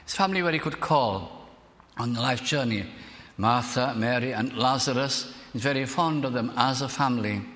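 An older man from South Wales, preaching a sermon as a minister in an earnest, measured way, slowing down to dwell on phrases. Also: mid-range voice, a bit bright. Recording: reverberant hall.

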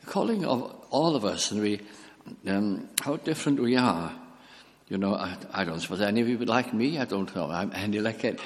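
Older preacher, low voice, hall echo. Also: male voice, animated, moderate pace. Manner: reflective, musing, with frequent restarts and quoted scripture. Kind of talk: sermon.

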